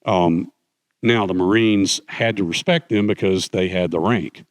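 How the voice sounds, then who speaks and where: An older man with a low voice talks as a guest in an on-stage chat. He tells stories at length, full of fillers and restarts, and the sound is dry and close. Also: unhurried, no room sound. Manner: rambling storyteller with many fillers. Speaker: guest author. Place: conference stage.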